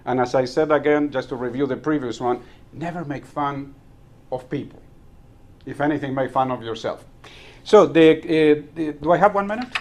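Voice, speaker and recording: A man's voice: on the high side, moderate pace. A man giving a humorous speech at a club meeting. He tells stories and chuckles at his own punchlines. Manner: storytelling, chuckles at own jokes, repeats words when restarting. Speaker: Toastmasters club speaker.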